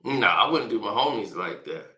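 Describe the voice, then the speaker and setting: A man in casual chat, talking slowly with a teasing manner and frequent laughter. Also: lowish voice, animated, sharp tone. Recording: roomy echo.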